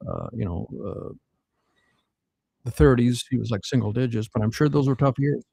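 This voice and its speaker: A man's voice: medium pitch, normal speed, creaky, mellow, slightly rough, no echo, rough recording. A man from South Dakota telling rambling family anecdotes in a casual podcast chat, full of fillers and restarts. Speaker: podcast guest.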